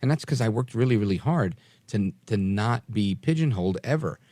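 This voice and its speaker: A man in his forties from New York, with a mostly softened New York accent, hosting a late-night talk radio show in an emphatic, energetic manner with frequent fillers and restarts. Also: lowish voice, fairly quick, no room sound. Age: 40s.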